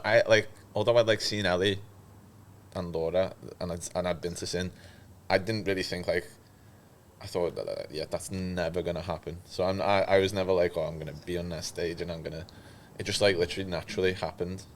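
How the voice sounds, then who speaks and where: Deep-voiced man chatting as a guest. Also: fairly quick, a little hiss or hum. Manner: rambling, repeats words when excited. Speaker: guest musician. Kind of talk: casual podcast chat.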